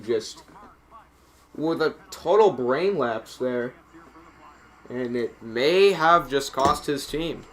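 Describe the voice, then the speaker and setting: A man giving live play-by-play reaction commentary on a hockey game, excitable and getting loud on penalties, with chatty asides between plays. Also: mid-range voice, slow, pauses often. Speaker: streamer calling the game.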